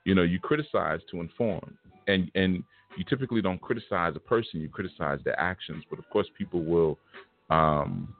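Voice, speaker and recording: A man's voice: low-pitched, normal speed. A man giving a casual spiritual lecture, talking in a blunt, punchy, confrontational way. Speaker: spiritual teacher. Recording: tinny phone-like sound with faint music.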